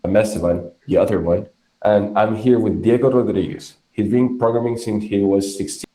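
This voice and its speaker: A Colombian man, a native Spanish speaker with a Colombian Spanish accent, hosts a podcast and interviews a guest, often hesitating with fillers. His voice is on the low side, steady and warm at a moderate pace, and the room is echoey.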